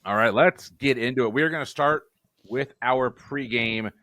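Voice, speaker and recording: A man's voice: medium pitch, normal speed, sharp tone, no room sound, studio quality. A man hosting a casual trivia podcast, joking as he introduces the players. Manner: jokey, playful introductions. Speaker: quiz show host.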